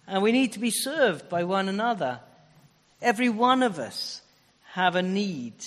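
A man preaching a sermon with emphatic, repeated phrases and sharp rises and falls. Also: high-pitched, long reverb tail.

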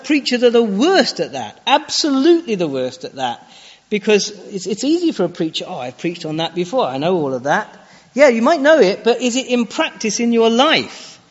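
A man preaching a sermon in a church, challenging his listeners with direct questions. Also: very high voice. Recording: dull lo-fi recording with long church reverb.

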